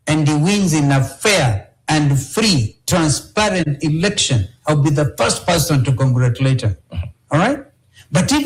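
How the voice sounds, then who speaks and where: Speaking with a Kenyan accent, an opposition politician answers interview questions emphatically, repeating key phrases and checking in with "all right?". His voice is a little high, and the audio quality is poor.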